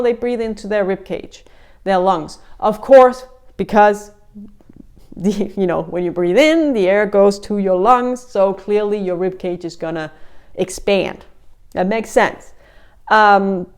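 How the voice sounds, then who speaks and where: Smooth-voiced woman guiding breathing. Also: medium pitch. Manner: gentle, talks through steps with many restarts and fillers. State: a little out of breath. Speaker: breathing exercise guide. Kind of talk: guided breathing lesson.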